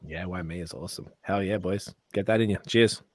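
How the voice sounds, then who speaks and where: Low-voiced enthusiastic podcast host man. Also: a little fast, slight background noise. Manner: enthusiastic, rambling tasting notes, swears casually. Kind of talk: casual podcast chat.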